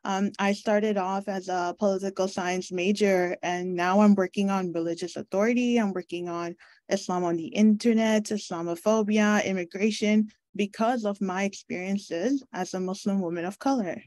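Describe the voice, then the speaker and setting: A woman's voice: medium pitch, fairly even intonation, normal speed, darkish tone. Earnest woman researcher on a panel. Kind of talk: panel discussion remarks.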